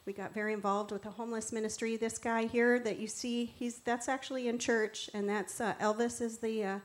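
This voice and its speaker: A woman giving a personal faith testimony as a church co-founder. She tells the story earnestly, moving between hushed reverence and lively warmth as she talks through her slides. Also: a little high, brisk.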